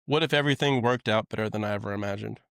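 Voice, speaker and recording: A man co-hosting a podcast in casual chat, telling stories with lively acted-out quotes. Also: lowish voice, very fast, creaky, no echo, clean studio sound. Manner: animated storyteller, acts out quoted voices. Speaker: podcast co-host.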